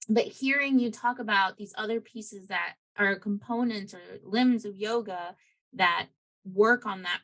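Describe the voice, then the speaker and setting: A woman's voice: mid-range voice, fairly bright tone. A woman podcast co-host chatting casually and earnestly, circling her points with many fillers. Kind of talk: casual conversational chat.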